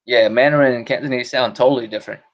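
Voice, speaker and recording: A man's voice: medium pitch, steady tone, rapid-fire, highs cut off. A man hosting a podcast stream, chatting casually in a rambling, profane way and laughing often. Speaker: podcast host. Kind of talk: casual solo stream chat.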